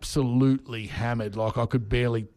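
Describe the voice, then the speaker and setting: A man's voice: medium pitch, steady tone, fast talker, dark tone, no room sound. A middle-aged man co-hosting a casual podcast chat, telling rambling, self-mocking stories. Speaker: podcast co-host.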